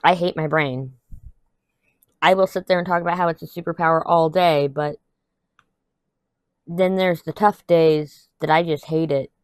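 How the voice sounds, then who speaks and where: A young adult woman vlogger keeps up a candid, rambling chat to camera as she crafts, venting and laughing occasionally. Her low, steady, clean voice moves at normal speed with frequent pauses, captured in a dry recording.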